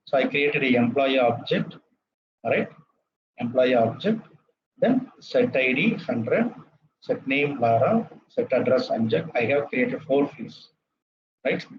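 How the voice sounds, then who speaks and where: A man's voice: medium pitch, animated, takes it slowly. Indian man teaching code, muffled line. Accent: Indian English. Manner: repeats terms, asks "right?" after each step. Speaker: lecturer. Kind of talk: live coding lecture.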